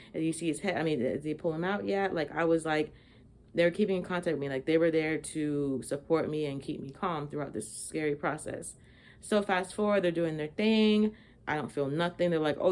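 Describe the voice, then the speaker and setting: Young woman, low voice, casual chatty vlogger telling a story, lots of fillers. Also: darkish tone.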